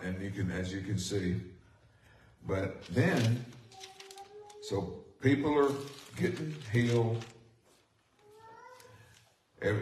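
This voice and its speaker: A man preaching a sermon as pastor, speaking with rising passion and excited emphasis. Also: on the low side, slight background noise. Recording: echoey room from far off.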